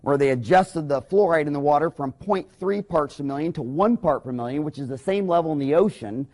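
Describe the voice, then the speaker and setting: A man, a dentist delivering a rambling, impassioned business talk in a folksy way, often breaking into loud, excited bursts. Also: on the high side, brisk.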